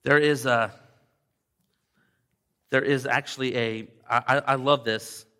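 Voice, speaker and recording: A man's voice: medium pitch, steady tone, slow pace, sharp tone, clear, resonant tone. A male pastor preaching a sermon, emphatic, repeating key words and addressing the congregation directly.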